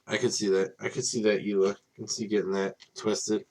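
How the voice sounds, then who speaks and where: A man with a fairly low voice runs a live card break, listing players and teams in a steady, plain run. He sounds worn out and casual, yawning now and then after a long day. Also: a little fast. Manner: tired, casual, apologizes for yawning; reads off names in a steady list.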